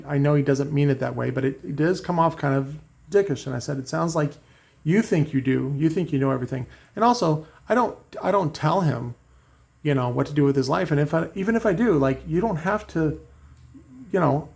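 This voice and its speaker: A man's voice: a little high, vocal fry, a little mellow. A man talking in a rambling, profane monologue, reading out messages and restarting his sentences often. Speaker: car audio maker and host. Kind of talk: casual ranting monologue.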